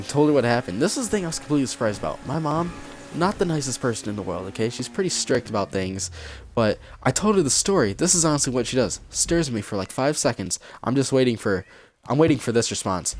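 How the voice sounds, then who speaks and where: A man's voice: lowish voice, animated, fast, slight background noise. A young man vlogger casually telling a story while gaming, rambling with lots of "like" and acting out the quotes.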